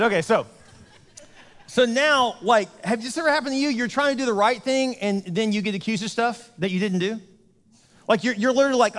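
High-voiced joking pastor in a reverberant hall. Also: male voice, fairly bright tone. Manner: jokey storytelling, acting out voices of characters. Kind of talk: casual comedic sermon. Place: church sanctuary.

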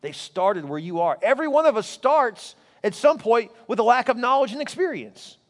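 Pastor preaching in a reverberant hall. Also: male voice, normal speed. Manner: animated storytelling, voice rising high in anecdotes. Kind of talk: sermon.

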